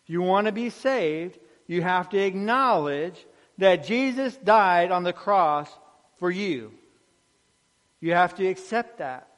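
A man preaching an earnest sermon, dropping soft on key phrases. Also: high voice, animated, takes it slowly, in a large hall.

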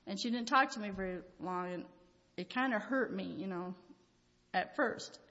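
A woman's voice: medium pitch, normal speed, fairly bright tone. An older woman giving an informal Christian devotional talk, telling rambling, folksy personal stories with frequent chuckles. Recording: reverberant hall, dull lo-fi sound.

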